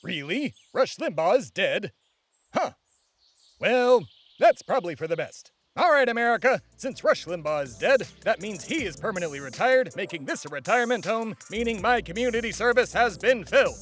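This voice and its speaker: A man's voice: sits high, very animated, normal speed, fairly bright tone, soft background music. Pompous, boastful male comedy host. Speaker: podcast host in a comic persona. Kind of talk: comedic podcast monologue.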